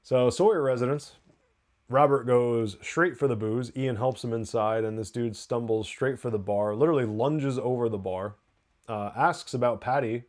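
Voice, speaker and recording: A man hosting a live TV review show, recapping an episode in a loose, excited, profane way with lots of fillers. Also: mid-range voice, normal speed. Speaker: TV review podcast host.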